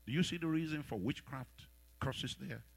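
A pastor preaching a sermon. He leads the congregation in call-and-response prayer, tells stories in animated voices and rises to loud shouts. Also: mid-range voice, normal speed, vocal fry, husky, no room sound. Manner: animated storytelling with voiced characters.

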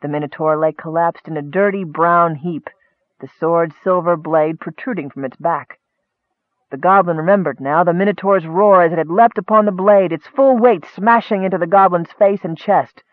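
A man's voice: high voice, moderate pace, no room sound, narrow, tinny audio. Man narrating a fantasy audiobook.

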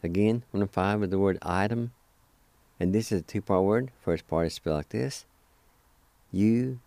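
A man's voice: deep voice, dark tone, dry recording. A man hosting a radio language lesson, spelling and pronouncing words carefully syllable by syllable and giving friendly reminders to listeners. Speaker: radio host and language teacher.

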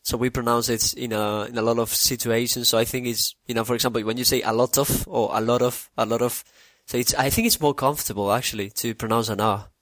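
Male podcast host, Spanish first language, casual questioning, medium pitch, dry close sound. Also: steady tone, fast, hardly any pauses, fairly bright tone, dry recording. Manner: conversational, leans on "you know". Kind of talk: casual interview.

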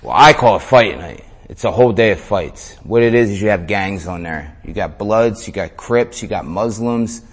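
A man's voice: fairly low pitch, moderate pace, few pauses. A man telling a story in an interview in a casual way, full of slang, swearing and "man". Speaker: interview guest.

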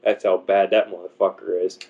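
A man's voice: low voice, little pitch movement, brisk. A man co-hosting a podcast in crude, joking casual banter, swearing freely. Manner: profane, joking, acts out voices in quotes. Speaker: podcast co-host. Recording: dull lo-fi sound.

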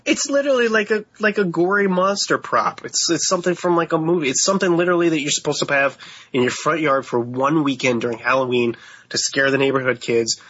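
Guy cohosting a podcast, bright husky voice, dry dull sound, animated storyteller. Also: a little high, brisk, dry recording. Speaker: podcast co-host. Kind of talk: casual podcast chat.

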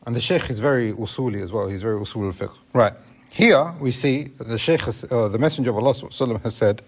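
A man's voice: medium pitch, quick pace, slightly rough. A man teaching a classroom lesson on Islamic law, explaining step by step and asking the class questions.

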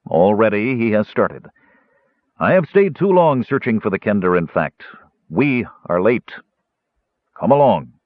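A man voicing a stern, measured male mage who speaks coolly and with authority, on a tinny, dry recording. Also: fairly low pitch, sing-song, no room sound. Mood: firm. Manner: cool, deliberate, authoritative.

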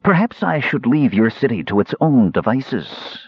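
A man reading an audiobook, voicing a sickly male mage who speaks in a bland, measured, quietly sardonic way. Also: medium pitch, very animated, slightly rough, no echo, voice pushed up. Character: hushed, sickly male mage, cool and cutting. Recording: slightly muffled dry recording.

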